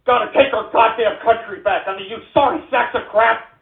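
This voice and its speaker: High-voiced husky ranting radio host man. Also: moderate pace. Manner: impassioned, profane, repeatedly shouting at listeners. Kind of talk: political talk radio rant. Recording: narrow phone-like lo-fi audio.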